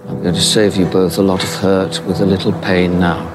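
An actor playing a solemn man who pronounces a grim fate in a grave, measured way in a drama clip. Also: deep voice, flat delivery, music in the background, lightly acted.

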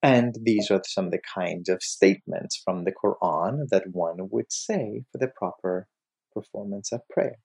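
A man giving a lecture, telling a story in an animated way and acting out its scenes. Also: mid-range voice. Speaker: lecturer on mystic poetry.

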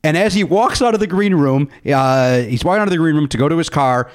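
A man hosting a podcast, telling stories in an excitable, animated way and laughing often. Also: on the high side, fast talker. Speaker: podcast host. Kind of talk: casual chat.

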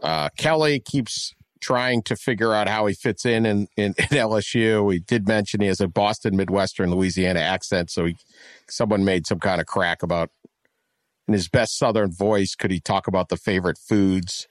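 A man's voice: fairly low pitch, normal speed, dry recording, clean studio sound. A man from West Virginia co-hosting a casual sports talk show, rambling and often correcting himself as he talks. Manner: rambling, self-correcting, animated. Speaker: podcast co-host.

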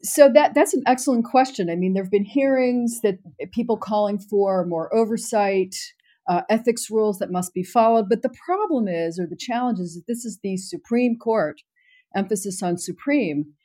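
A woman on a podcast panel giving measured, analytical political commentary. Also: mid-range voice, dark tone.

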